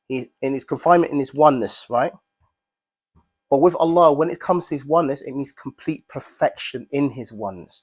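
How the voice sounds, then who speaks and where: Male teacher, mid-range voice, explains Arabic words to a class, checks for understanding often. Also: medium pitch.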